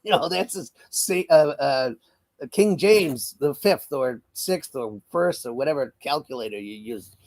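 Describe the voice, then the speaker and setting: A man's voice: medium pitch, expressive, unhurried, darkish tone. A man giving casual political commentary as an interview guest, wry and often laughing, with many fillers and restarts, over a video call.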